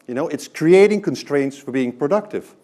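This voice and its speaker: Male speaker giving a live talk, warm mellow tone, very animated delivery, chatty asides to the audience. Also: fairly high pitch, normal speed. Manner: conversational, often checks in with "right?". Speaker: presenter.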